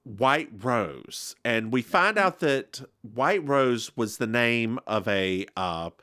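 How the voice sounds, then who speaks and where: Taking it slowly, a man with a clean, medium-pitched voice co-hosts a podcast and walks through an episode. The studio recording has no echo. He laughs a lot and performs the quotes with animation.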